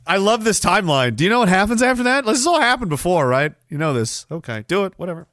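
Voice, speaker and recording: A man hosting a livestream rant, talking in a rambling, sarcastic way full of mocking asides. His voice is fairly high and very lively, with a bright, forceful tone. The sound is dry and close. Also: fast talker, no room sound. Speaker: podcast host.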